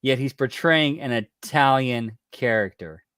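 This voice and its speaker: A man co-hosting a wrestling podcast, chiming in with quick jokes and laughs. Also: medium pitch, fairly bright tone, smooth, dry recording, clean studio sound. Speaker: podcast co-host. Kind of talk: casual wrestling chat.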